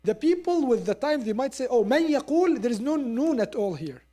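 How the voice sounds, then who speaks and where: A woman teaching Quran recitation in a lesson, explaining step by step and modelling the sounds slowly with repeats. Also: fairly high pitch, sing-song, warm tone. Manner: explains step by step, asks listeners to agree. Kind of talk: classroom lesson.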